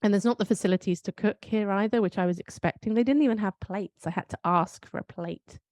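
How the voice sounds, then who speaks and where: A woman's voice: medium pitch, brisk, darkish tone, no echo. A British woman co-hosting a podcast, chatting casually and telling stories that she keeps questioning aloud. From United Kingdom. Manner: reflective, storytelling with self-questioning asides. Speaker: podcast co-host. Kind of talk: casual conversational chat.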